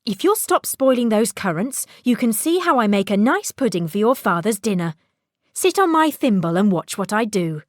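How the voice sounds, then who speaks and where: A woman's voice: medium pitch, big pitch swings, normal speed, no room sound, studio quality, lightly acted. A woman voicing a fussy, anxious mother who dotes on her son. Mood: calm. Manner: anxious and doting.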